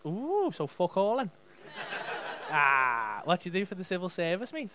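A man's voice: sits high, huge pitch swings, a little slow, noisy background. A man in his thirties with a Liverpool accent, doing cheeky, sweary crowd work as a stand-up comedian on a club stage. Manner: cheeky, sweary banter with the audience.

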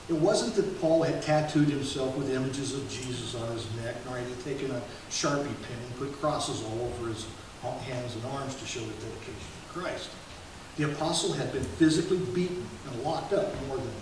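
Far-off preacher in an echoey sanctuary. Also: male voice, medium pitch, normal speed, background noise. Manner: earnest expository preaching, occasional self-corrections. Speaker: pastor. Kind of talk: sermon.

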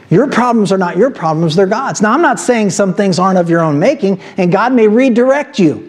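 A man delivers a sermon from the pulpit, his voice sitting noticeably high for a man. He teaches verse by verse and climbs into emphatic, preacherly exhortation. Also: expressive, fairly quick, hardly any pauses. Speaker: pastor. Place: church sanctuary.

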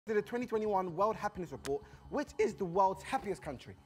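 A man's voice: sits high, expressive, a little fast, a little hiss or hum. A man hosting a comedy quiz, reading out questions playfully. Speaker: quiz host.

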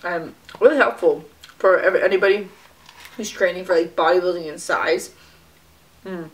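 A woman's voice: on the low side, fairly even intonation, normal speed. Chatty young woman eating on camera. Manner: chatty, eating while talking, lots of fillers and mm sounds. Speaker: fitness vlogger. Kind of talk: casual mukbang chat to camera.

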